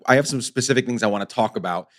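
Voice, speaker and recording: A man hosting a podcast, asking questions in a relaxed, affirming conversational way. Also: medium pitch, very fast. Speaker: podcast host. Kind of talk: interview questions.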